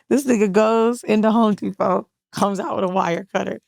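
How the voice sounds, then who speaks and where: A woman co-hosting a podcast, telling a long story in casual, profane chat with lively voiced quotes. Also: medium pitch, moderate pace, vocal fry, no echo, studio quality. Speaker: podcast co-host.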